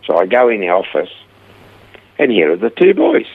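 A man, telling stories in an animated way as the guest of an interview about his rehab ministry. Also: on the low side, normal speed, breathy edge. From Australia. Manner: animated storyteller, acting out quoted dialogue. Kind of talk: storytelling interview. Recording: narrow phone-like radio audio.

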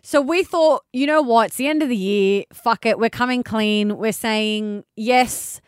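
Woman co-host, casual, emphatic; slightly high voice, dry room. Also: smooth, no echo. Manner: emphatic, quick to agree. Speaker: podcast co-host. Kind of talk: casual chat. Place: podcast studio.

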